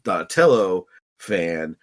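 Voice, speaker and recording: A male podcast co-host rambles through a casual chat full of fillers and restarts. His voice is low-pitched and sing-song, and he speaks slowly.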